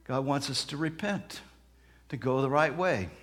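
A man preaching a sermon, telling stories and acting out the people in them, moving between soft, slow passages and loud outbursts. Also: medium pitch. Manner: dramatic, acts out quoted voices, swings from soft to loud. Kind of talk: sermon with storytelling.

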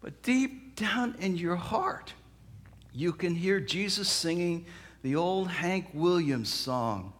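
A man preaching a sermon, telling stories and acting out the people in them, moving between soft, slow passages and loud outbursts. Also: high voice, animated. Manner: dramatic, acts out quoted voices, swings from soft to loud. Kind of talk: sermon with storytelling.

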